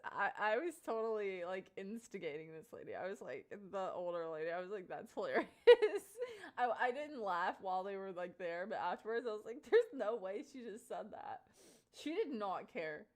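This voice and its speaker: Here a young woman on a live stream recounts a story to her chat, her voice mid-range and her speed normal. She sounds animated, laughing a lot and leaning heavily on "um" and "like."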